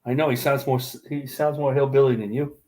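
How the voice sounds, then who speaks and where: A man's voice: medium pitch, steady tone, fairly quick, mellow. A man originally from New York, casually teasing his co-hosts on a drawing stream.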